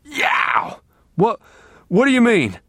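A man voicing a frightened captive man in an audiobook, high and strained with fear. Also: a little slow, fairly bright tone, dry recording, clean studio sound, full character voice. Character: terrified captive man, pleading and hurt.

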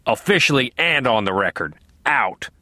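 A man voicing a gruff, angry male police captain who barks orders. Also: mid-range voice, lively intonation, moderate pace, bright, forceful tone, dry recording. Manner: barking, venomous.

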